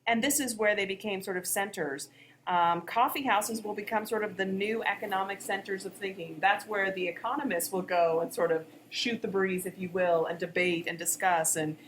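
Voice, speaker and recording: A woman's voice: mid-range voice, steady tone, moderate pace, a bit bright, slight background noise. A woman co-hosting a history podcast, explaining events in a conversational way. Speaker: history teacher, podcast co-host. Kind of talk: educational podcast discussion.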